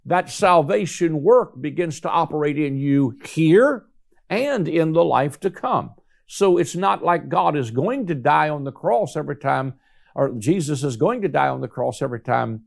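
A man preaches with an emphatic delivery, stretching out the lines he wants to land. His voice is fairly high and has a gravelly edge to it. He keeps a steady pastor's cadence throughout. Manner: emphatic preaching, slows for key points. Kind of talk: sermon.

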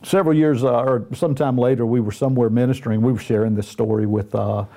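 A man's voice: mid-range voice, steady tone, fast talker, vocal fry, mellow. A middle-aged man with a Southern US accent, a minister telling folksy, self-deprecating stories in a casual Christian talk show chat. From Southern United States.

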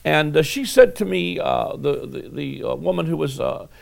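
A man's voice: on the high side, animated, normal speed, vocal fry. A male pastor preaching a sermon, reading scripture and telling folksy personal stories with many fillers and restarts.

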